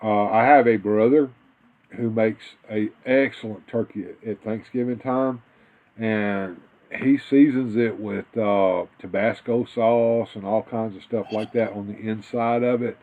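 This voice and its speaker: A man's voice: lowish voice, steady tone, measured pace. Man on tinny phone-like audio. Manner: rambling, with frequent restarts. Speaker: co-host of a toy live stream. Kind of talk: casual live-stream chat.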